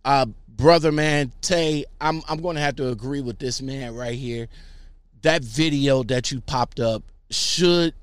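A man's voice: mid-range voice, measured pace, clean tone, no echo. A man casually reading out viewer comments and reacting to them in a rambling, emphatic way, often repeating his words.

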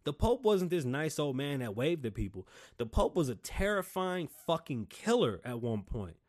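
Man, show host, casual rant, profane, animated, rambling. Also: fairly high pitch, normal speed.

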